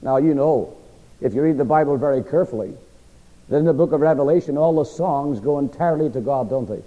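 A middle-aged man preaching in a Bible class, with a frog in his throat, pausing for the congregation to finish his sentences. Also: a little high. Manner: asks the audience to fill in words. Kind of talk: sermon-style Bible teaching. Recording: lo-fi recording with long hall reverb.

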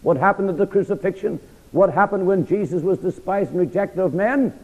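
A man preaching an expository sermon, reading verses slowly and emphatically and quizzing listeners with "what?" before key words. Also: sits high, darkish tone. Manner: reads scripture slowly and emphatically. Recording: dull recording in a large reverberant hall.

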